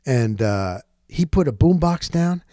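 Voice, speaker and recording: A Florida-based radio host tells a long, casual story on his talk show, animatedly acting out the voices of the people involved. He's blunt and a bit profane, with a medium-pitched, measured voice captured in clean studio sound with no echo.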